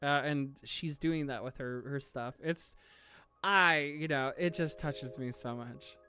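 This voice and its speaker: A streamer reacting live to a manga chapter, gushing, swearing and squealing with excitement. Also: mid-range voice, slow, clean tone, soft background music.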